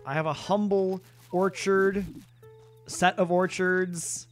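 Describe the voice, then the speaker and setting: A man's voice: high voice, steady tone, slow, faint music behind. A man live-streaming a video game, chatting casually with viewers in a rambling, self-deprecating way. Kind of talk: casual live-stream chat while gaming.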